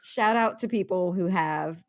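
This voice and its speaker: A young woman with a slightly low voice hosts a spooky-story podcast. She chats casually and pokes fun at herself. She keeps breaking into giggles between facts. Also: unhurried. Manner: giggly and self-deprecating, laughs often mid-sentence. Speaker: podcast host.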